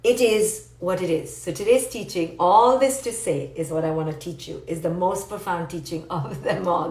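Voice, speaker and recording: A woman psychologist giving a playful, animated live talk to viewers and answering their comments. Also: on the low side, moderate pace, hardly any pauses. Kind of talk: live-stream motivational teaching. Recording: roomy echo.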